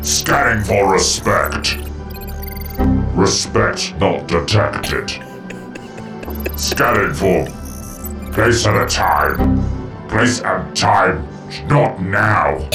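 A menacing robot guard voiced by a man barks flat, clipped commands in a slow, gravelly, low drawl. Its voice rings in a roomy space, with music clearly playing behind it. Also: exaggerated voice. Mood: commanding. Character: menacing robot security guard, male, cold.

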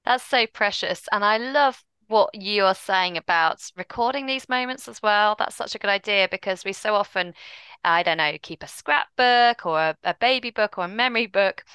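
A woman hosting a podcast who responds gently and affirmingly, then asks reflective questions. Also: medium pitch, moderate pace, smooth, no echo. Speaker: podcast host. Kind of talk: podcast interview.

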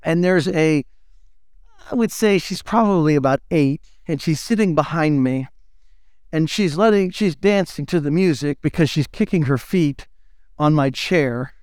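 A man, preaching a sermon in an animated, playful storytelling way. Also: a little high, measured pace, clear, resonant tone, no room sound, studio quality. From United States. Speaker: pastor.

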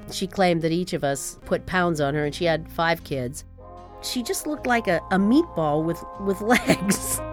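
A woman telling a personal family story in an animated, wry way. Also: fairly low pitch.

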